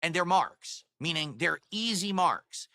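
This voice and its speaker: A man's voice: on the high side, lively intonation, a little slow, sharp tone, no echo. A man ranting on his livestream, self-assured and insulting toward his critics. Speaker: streamer. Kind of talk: livestream rant.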